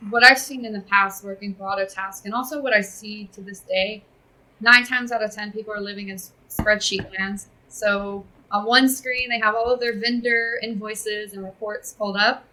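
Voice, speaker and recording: An upbeat woman from California, a guest on a podcast. Her voice has a bright, crisp edge. She explains things fluently, with only a few ums along the way. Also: medium pitch, steady tone, moderate pace, low-quality recording. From California, USA. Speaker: podcast guest, software company representative. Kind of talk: casual interview chat.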